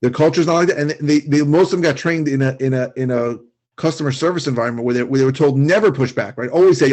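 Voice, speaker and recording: A man's voice: mid-range voice, quick pace, a little mellow. A man co-hosting a podcast, speaking emphatically in a coaching tone during casual chat. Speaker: podcast co-host.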